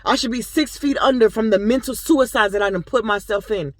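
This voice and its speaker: A woman's voice: fairly high pitch, a little fast, no room sound. Rambling woman vlogger, dry close sound. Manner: rambling, earnest storytelling with many fillers; talks straight to her viewers. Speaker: vlogger and boutique owner. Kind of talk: casual personal vlog talk.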